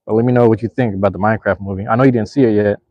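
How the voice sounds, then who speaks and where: A young man hosting a live stream, chatting with viewers in a relaxed, slangy, rambling way. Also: fairly low pitch, racing, no room sound, muffled recording. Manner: laid-back, slangy, rambling. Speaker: livestream host. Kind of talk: casual live chat with viewers.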